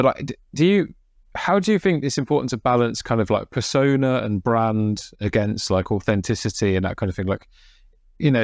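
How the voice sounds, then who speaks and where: A man's voice: mid-range voice, no echo, studio quality. A man from England hosting a podcast, chatting casually in a rambling way with casual swearing. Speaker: podcast host. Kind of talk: casual chat.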